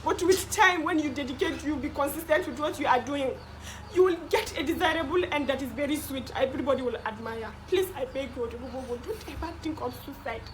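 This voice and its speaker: A woman's voice: high-pitched, a little fast, slight background noise, lightly acted. A woman with a Nigerian accent playing a caring young woman who pleads with and coaxes a friend in a comedy skit. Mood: pleading. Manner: pleading, coaxing, laughing through words. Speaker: comforting girlfriend on a call.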